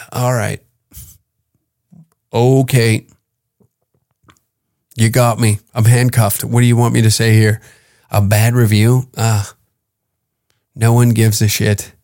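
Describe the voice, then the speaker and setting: Profane, rambling podcast host. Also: male voice, mid-range voice, darkish tone. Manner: profane, rambling, acts out quoted exchanges. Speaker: podcast host and stand-up comedian. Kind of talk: casual podcast rant.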